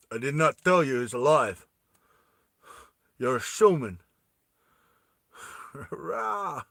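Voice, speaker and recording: A man casually retelling a movie plot, animated and rambling, often laughing. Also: medium pitch, dry recording, clean studio sound. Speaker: storyteller.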